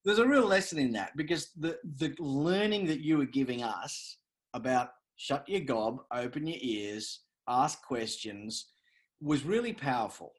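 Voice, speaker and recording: A man, a guest telling stories in a lively, conversational way with repeated words. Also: mid-range voice, measured pace. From Australia. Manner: animated storyteller, repeats words. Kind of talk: conversational interview.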